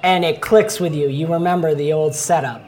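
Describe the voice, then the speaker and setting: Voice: medium pitch, steady tone, moderate pace, a little mellow. Casual chatty game master. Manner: casual, chatty, many fillers and restarts. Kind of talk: narrating a tabletop game.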